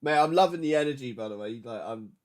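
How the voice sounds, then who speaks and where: A man chatting loosely and excitedly while producing music on a livestream, with slangy, jokey banter. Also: medium pitch, fast talker. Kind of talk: casual livestream chat.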